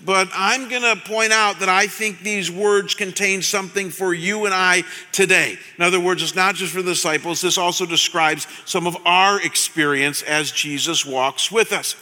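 A man's voice: sits high, steady tone, normal speed, few pauses, sharp tone. A man preaching a sermon to his congregation, stressing key words and talking straight to the listeners. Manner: emphatic, repeats key words, addresses congregation directly. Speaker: pastor. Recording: reverberant hall.

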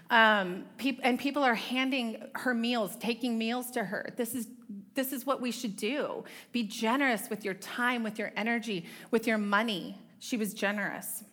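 A woman's voice: a little high, sharp tone. Chatty middle-aged woman teaching a women's group. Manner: chatty, self-deprecating asides to the audience. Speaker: women's ministry speaker. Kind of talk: conversational Bible teaching talk.

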